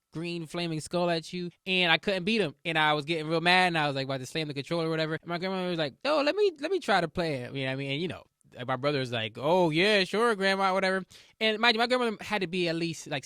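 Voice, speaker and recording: A man's voice: a little high, bright, forceful tone, clear, resonant tone, no room sound, studio quality. A young man hosting his own podcast, telling rambling, profane stories in a casual monologue. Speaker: podcast host.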